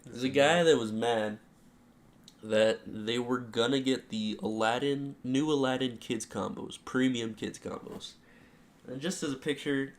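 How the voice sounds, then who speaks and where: A young man co-hosting a podcast, casually retelling work stories and acting out the quotes with lots of "like". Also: mid-range voice. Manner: animated retelling, heavy use of "like", acts out quotes. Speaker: podcast co-host. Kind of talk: casual storytelling.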